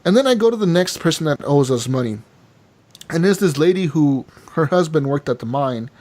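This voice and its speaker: A man on a casual gaming podcast, recounting what happened with lively energy. His voice sits a little higher than most men's, and he curses offhandedly as he talks. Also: fairly quick. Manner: animated storytelling with casual swearing. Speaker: podcast co-host.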